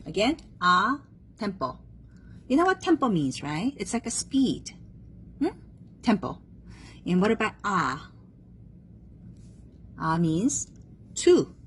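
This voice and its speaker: A woman's voice: mid-range voice, sing-song, takes it slowly, long pauses, fairly bright tone, husky, rough recording. A woman teaching a one-on-one music theory lesson, patient and checking understanding often, having the student repeat terms after her.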